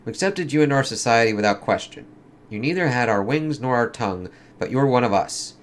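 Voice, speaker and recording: A man's voice: mid-range voice, expressive, quick pace, pitched above the performer's own voice, close to an everyday voice. A man voicing a proud, fierce female warrior from a comic, speaking solemnly and formally.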